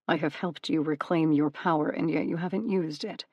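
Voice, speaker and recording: A woman voicing a brooding male god of the dead who speaks in a measured, controlled way. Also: low voice, fairly even intonation, no echo, muffled recording. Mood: stern calm.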